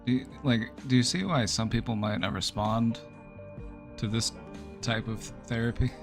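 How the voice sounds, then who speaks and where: A man's voice: mid-range voice, steady tone, moderate pace, music in the background. A man hosting a mental health Q&A in a casual, chatty way, with many fillers and laughs at his own jokes. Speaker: host answering viewer questions. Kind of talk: casual chat.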